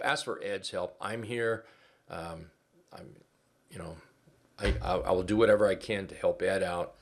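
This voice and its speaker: A man with a low, deep voice hosting a live trading webinar. He talks in a folksy, casual way, full of fillers and restarts, and repeats his key phrases to drive them home. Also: breathy edge.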